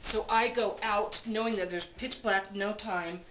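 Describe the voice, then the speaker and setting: A woman vlogger in a cabin room, telling a personal story in an animated, breathless way and repeating phrases for emphasis. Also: medium pitch, a little slow. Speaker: vlogger recounting an experience. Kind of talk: casual storytelling. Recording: roomy room with clear background noise.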